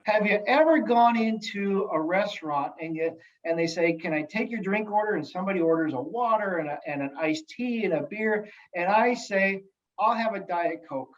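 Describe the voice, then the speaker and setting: A man speaking as a guest in casual podcast chat, telling stories in an animated, jokey way with many restarts. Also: sits high, normal speed, highs cut off. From United States. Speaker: guest, sales executive and elected official.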